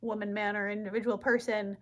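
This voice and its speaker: A woman quoting a gallant armored rider on horseback, in a quick, earnest declaration. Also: mid-range voice, level tone, natural voice.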